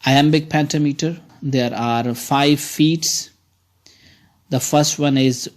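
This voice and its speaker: A man teaching students, explaining a poem in a slow, halting way with frequent pauses. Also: on the high side, fairly even intonation.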